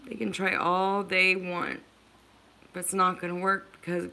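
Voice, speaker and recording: A woman talks slowly and earnestly to her livestream viewers, her voice bright but edged with a gravelly fry. She sounds emotional and repeats her words of support. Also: fairly low pitch, little pitch movement. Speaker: livestream host.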